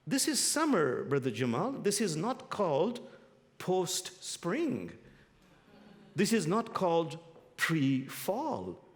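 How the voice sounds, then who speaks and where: A man, an imam giving a guest sermon, telling humorous stories in a playful, animated way. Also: a little high, takes it slowly. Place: spiritual center sanctuary. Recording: long hall reverb.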